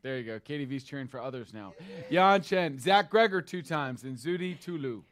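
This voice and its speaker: A man's voice: fairly high pitch, lively intonation, normal speed, a bit bright. A man co-hosting a live company sales meeting from a studio, reading names and thanking agents in a friendly, enthusiastic way. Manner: friendly and enthusiastic, laughs easily.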